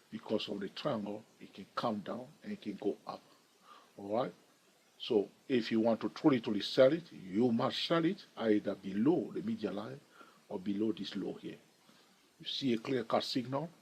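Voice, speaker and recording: A man's voice: lowish voice, a little mellow, slight background noise, low-quality recording. A man hosting a stock trading channel, explaining charts and chatting jokily with viewers, checking in often with "all right?". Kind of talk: chart analysis tutorial.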